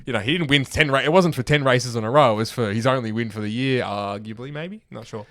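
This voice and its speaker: A man's voice: mid-range voice, fast talker, a bit bright, dry recording, clean studio sound. Rambling young man. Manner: rambling, restarts sentences. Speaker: podcast co-host. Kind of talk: casual chat.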